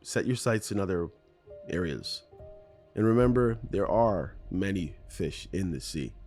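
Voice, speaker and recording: A man's voice: low-pitched, animated, measured pace, darkish tone, faint music behind. A man hosting a solo podcast, talking in a rambling, conversational and self-deprecating way in his morning voice. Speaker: podcast host.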